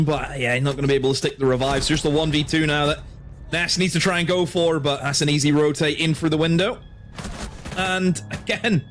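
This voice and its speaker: A man's voice: fairly high pitch, fairly bright tone, a little hiss or hum. A man giving color commentary on an esports match, with short teasing remarks.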